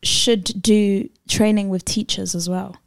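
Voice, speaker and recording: A woman's voice: mid-range voice, fairly even intonation, slow, gravelly, no echo, clean studio sound. A woman who judges dance competitions, talking in chatty, casual podcast conversation with many fillers. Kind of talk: casual chat.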